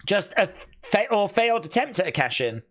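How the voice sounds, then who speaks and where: A host giving live reaction commentary on a wrestling event, chatty with asides to viewers and bursting into shouts at big moments. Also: medium pitch, very animated, moderate pace. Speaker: watch-along stream host.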